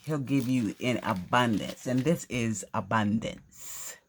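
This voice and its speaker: Slow and rumbling low, this woman's voice carries a little hiss or hum. She's a crafting vlogger chatting casually through an unboxing at home, exclaiming and gasping effusively and repeating phrases.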